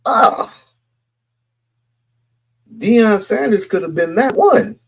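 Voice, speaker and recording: A man gives casual commentary in an emphatic way, often repeating himself. He speaks slowly, with a voice that sits on the high side and moves around a lot. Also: lively intonation, gravelly, slightly rough.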